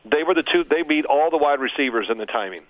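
Casting: older man, rambling storyteller, phone-line sound, mid-pitched, dry. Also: animated, quick pace, no room sound. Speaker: guest, father of co-host. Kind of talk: casual podcast chat.

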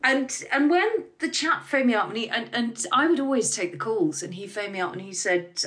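A middle-aged woman, a business founder guesting on an interview, talking candidly and lively and swearing freely. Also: on the high side, brisk, few pauses. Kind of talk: casual interview talk.

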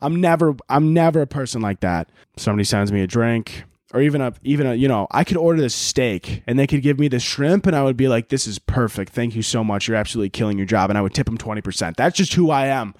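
A young man riffs alone on his podcast, swearing freely and wandering from tangent to tangent. His voice sits at an ordinary middle pitch. The sound is dry and close, with no room around it. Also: animated, fast, hardly any pauses, darkish tone, dry recording. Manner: profane, rambling, goes off on tangents. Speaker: podcast host and comedian. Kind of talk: casual solo podcast rant.

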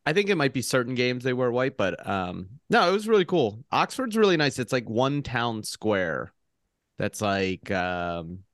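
Lively-voiced man telling a story. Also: mid-range voice, a little slow, dry recording, clean studio sound. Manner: relaxed anecdote-telling, acts out voices in stories. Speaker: podcast co-host. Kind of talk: casual chat, storytelling.

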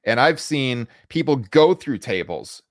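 A man chatting on a podcast in a wry, joking way, often breaking into laughter. His pitch swings widely as he talks. The sound is dry and close, with no room echo. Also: expressive, a little slow. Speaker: podcast co-host. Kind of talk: casual wrestling podcast chat.

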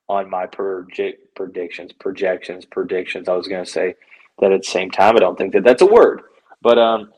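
A man's voice: lowish voice, darkish tone, poor audio. A man hosting a sports podcast, breaking down a basketball game casually with many fillers and self-corrections.

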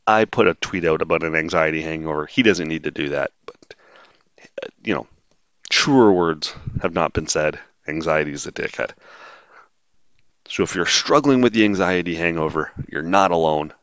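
A man's voice: low-pitched, moderate pace, fairly bright tone, no room sound, lo-fi sound. A man hosting a solo podcast, talking in a blunt, sarcastic, rambling way with lots of fillers. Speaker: podcast host.

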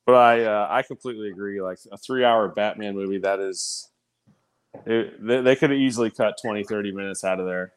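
A man's voice: fairly low pitch, fairly quick, smooth. A man co-hosting a casual podcast, laid-back and full of "like" and "kinda". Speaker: podcast co-host.

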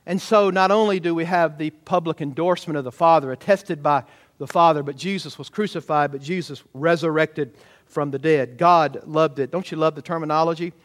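A man preaching a sermon as pastor in a church, emphatic, with rhetorical tag questions and loud rising peaks. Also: on the high side, fairly quick. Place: church sanctuary.

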